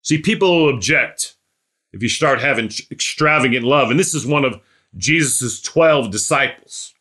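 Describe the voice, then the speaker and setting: A man's voice: medium pitch, normal speed, bright, forceful tone. A man preaching a sermon, telling a story and building to emphatic exhortation.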